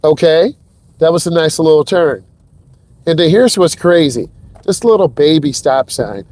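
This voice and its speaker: A man's voice: a little high, expressive, unhurried, a little mellow, dry recording. A man working as a driving instructor, giving hyped, talk-to-the-viewer commentary from inside a car while he drives. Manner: hyped, talks straight to viewers. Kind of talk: live driving lesson commentary.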